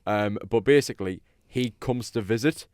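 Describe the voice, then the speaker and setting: A man's voice: lowish voice, moderate pace, darkish tone, no echo, clean studio sound. A man hosting a podcast, chatting casually and rambling, tired late at night. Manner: rambling, laughs often. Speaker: podcast host. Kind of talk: casual chat.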